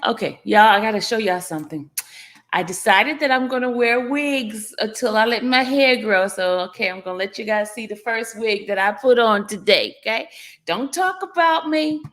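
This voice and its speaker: A woman hosts a casual livestream, playfully greeting viewers by name and laughing often as she teases them. Her voice is mid-range and a bit bright.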